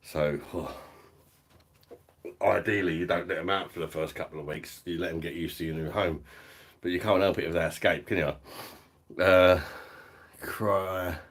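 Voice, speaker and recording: A man's voice: deep voice, steady tone, unhurried, pauses often, fairly bright tone. A middle-aged man, chatting casually at home on a live stream, swearing, laughing often and reading out the chat. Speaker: beer reviewer hosting a live stream.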